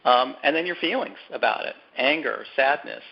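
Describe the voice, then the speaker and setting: An author appearing as a guest in a conversational interview speaks slowly and animatedly in a mid-pitched voice with a gravelly edge. He restarts phrases and repeats words as he thinks, and the audio is dull and lo-fi.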